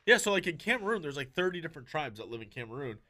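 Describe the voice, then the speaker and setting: A man's voice: on the high side, sing-song, very fast, bright, forceful tone. Rambling man telling a story casually. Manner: rambling, restarts often, says "dude" and "like".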